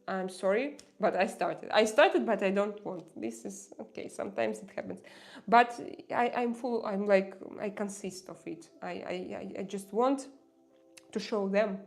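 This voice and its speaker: A woman with a mid-range voice, whose first language isn't English, hosts a casual livestream and answers viewer comments earnestly and passionately, often halting with fillers and restarts.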